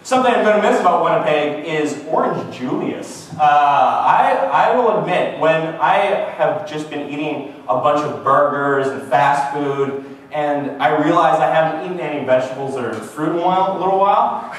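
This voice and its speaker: A man's voice: fairly high pitch, normal speed. A man in his twenties from Canada, joking and mocking himself in a casual comic monologue to camera. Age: 20s. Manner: joking, self-mocking, wry. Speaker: vlogger. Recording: echoey room, far from the mic.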